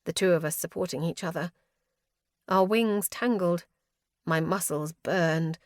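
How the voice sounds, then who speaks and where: A woman's voice: on the low side, unhurried, no echo, studio quality. A woman reading a first-person fantasy audiobook with a tense, dramatic delivery. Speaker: audiobook narrator.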